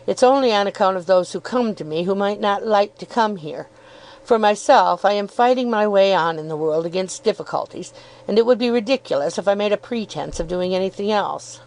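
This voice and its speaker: A woman's voice: mid-range voice, brisk, darkish tone, close to an everyday voice, low-quality recording. A woman voicing a good-humoured, cheerful young law student in an audiobook, chuckling and self-deprecating. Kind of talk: audiobook character reading.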